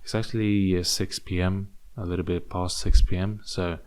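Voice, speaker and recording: A man's voice: low voice, little pitch movement, normal speed, darkish tone. A young man from England with a British accent that slips into American, rambling and joking through a solo podcast with many restarts. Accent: British English with American slips. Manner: rambling, jokey, stammering restarts. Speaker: podcast host.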